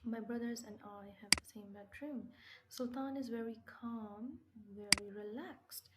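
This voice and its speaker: A woman's voice: fairly high pitch, a little slow, very noisy. A woman teaching English vocabulary, asking questions and answering them herself, stressing key words. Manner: patient, asks and answers her own questions. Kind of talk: slow classroom explanation with questions.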